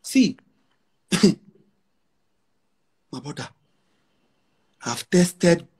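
A man's voice: on the high side, animated, drawn-out words, darkish tone, breathy edge. A man around forty with a Nigerian Pidgin English accent, a musician talking brashly and emphatically in a casual interview, repeating lines for effect. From Nigeria, Igbo. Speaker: musician guest.

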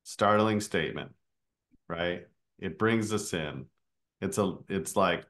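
A man's voice: deep voice, takes it slowly, a bit bright. A man coaching speakers in a casual online session, explaining with filler words.

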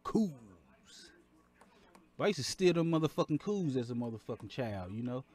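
A man's voice: medium pitch, lively intonation, fast, darkish tone. A man casually telling a story while he smokes, loose and profane, drawing his words out. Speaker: streamer in a played clip.

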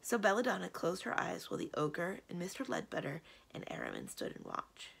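A woman librarian reading a children's book aloud in a lively, expressive storytelling manner. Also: fairly low pitch, fairly quick, vocal fry, slightly rough.

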